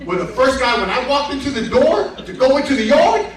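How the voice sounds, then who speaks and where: A man telling a lively story at a reunion event, acting out the voices of the people in it and laughing along. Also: very high voice, fairly quick. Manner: animated, laughing storyteller who acts out quotes. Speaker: honoree giving a speech. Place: banquet room with crowd. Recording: roomy hall, far from the mic. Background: crowd murmur and laughter.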